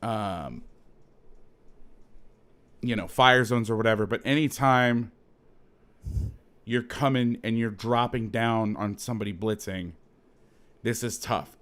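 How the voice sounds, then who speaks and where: A man's voice: lowish voice, a bit bright, clean tone. A man hosting as a football coach, breaking down game film in a heated, profane, emphatic way, repeating his points.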